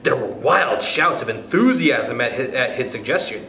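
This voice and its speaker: A man reading a children's book aloud, expressive and animated. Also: medium pitch, normal speed. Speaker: storyteller. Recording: roomy echo, faint noise.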